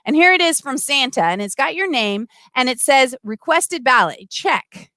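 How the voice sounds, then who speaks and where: A middle-aged woman hosting a casual livestream, chatty and animated, full of asides and restarts. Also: sits high, brisk, clear, resonant tone, dry recording. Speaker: livestream host. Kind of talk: casual livestream talk, reading comments.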